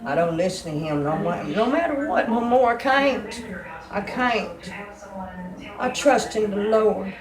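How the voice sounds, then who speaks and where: A woman's voice: medium pitch, expressive, unhurried, reverberant, a crowd in the background, poor audio. A woman giving a fervent, emotional religious testimony.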